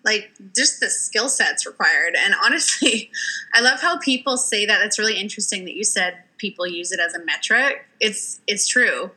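A young adult woman hosting a casual podcast chat, animated and emphatic, laughing often. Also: medium pitch, moderate pace, low-quality recording. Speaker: podcast host, sex worker.

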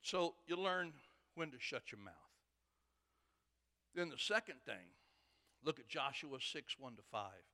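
A man preaching a sermon who swings between hushed asides and loud, emphatic passages. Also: medium pitch, very animated, measured pace, long pauses. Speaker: pastor. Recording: long hall reverb.

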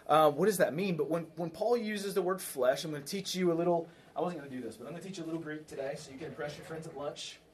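A man preaching a sermon in a church, his voice sitting a little higher than most men's. He talks to the congregation in a conversational way, throws questions at them and repeats key phrases to drive them home. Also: fast talker, hardly any pauses, a little hiss or hum. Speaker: pastor.

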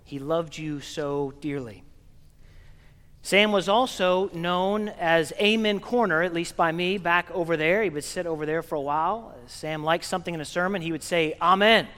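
High-voiced priest preaching in an echoing church. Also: male voice, clean tone. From Oklahoma. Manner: earnest, gently paced preaching with pauses. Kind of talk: funeral sermon. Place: large church. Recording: long reverb of a church hall.

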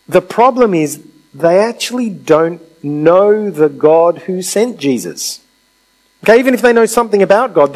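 A man's voice: a little high, a little mellow, low-quality recording. A man preaching a sermon in a conversational way, asking rhetorical questions and acting out quotes.

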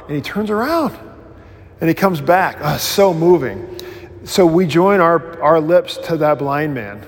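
A male pastor teaching a new member class, informal and rambling, with animated storytelling, many restarts and self-deprecating humor. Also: fairly high pitch, moderate pace, big-room sound.

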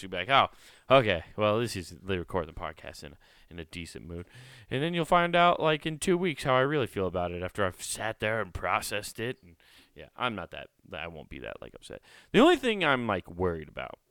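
Hosting a solo podcast, a man talks close to a studio mic in a rambling, joking style, swearing freely. His voice is low, fairly bright and smooth, with no room sound.

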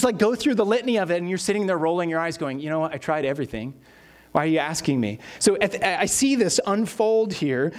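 A man, a pastor preaching a sermon and telling stories with acted-out quotes. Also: on the high side.

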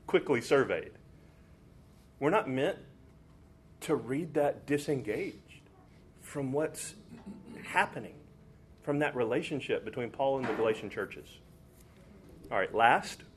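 A man's voice: mid-range voice, slight background noise. A man teaching a Bible study in an informal, explanatory way, walking listeners through a passage. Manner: explanatory, informal, drops into quoting scripture.

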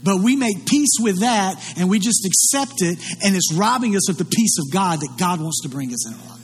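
A man's voice: high voice, expressive, fairly quick, soft background music. A male pastor preaching a sermon in an earnest, conversational way. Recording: long hall reverb, faint hum.

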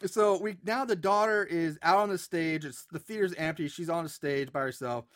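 A man's voice: fairly high pitch, normal speed, a bit bright. Chatty man recapping a movie. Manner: rambling, filler-heavy retelling with frequent restarts. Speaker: podcast co-host. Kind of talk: casual movie recap chat.

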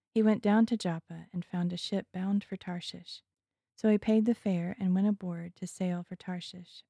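Woman scripture reader, solemn and measured, low dark voice, dry close sound. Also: fairly even intonation, gravelly, dry recording. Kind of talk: scripture reading.

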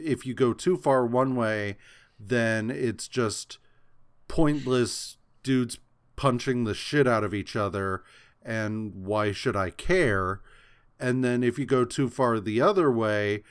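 A man's voice: medium pitch, takes it slowly, clear, resonant tone. A man co-hosting a podcast, chatting casually about comics in a laid-back, rambling way. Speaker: podcast co-host.

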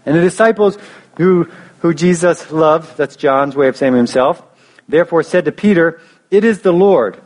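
Man, young adult, pastor, sermon, conversational, filler words, somewhat high pitch. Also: normal speed, a little mellow. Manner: casual storytelling with many restarts and fillers.

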